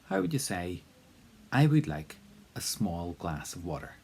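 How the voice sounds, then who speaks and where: Male tutor, low and husky, casual and encouraging drill delivery. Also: sing-song, measured pace, darkish tone. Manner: casual, encouraging, with many fillers and repeated drill prompts. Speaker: language teacher. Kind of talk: spoken language lesson.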